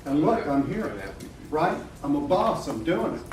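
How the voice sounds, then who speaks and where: A middle-aged man presents a live webinar to a room, candid and joking, swearing and laughing often. His voice is fairly high and animated, with an unhurried pace. The sound is echoey and distant, with background noise.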